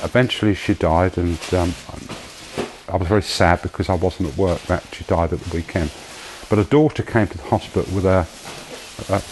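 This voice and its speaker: A man sharing a personal testimony in a slow, emotional storytelling manner. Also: sits low, darkish tone, slight background noise, rough recording. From United Kingdom. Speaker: charity founder giving testimony.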